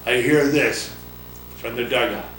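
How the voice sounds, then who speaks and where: An older man, a retired pitcher and coach, telling rambling stories in a casual interview, chuckling and acting out the voices of others. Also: a little slow. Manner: rambling anecdotes, acts out voices, chuckles often. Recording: roomy, distant mic, noisy ambience.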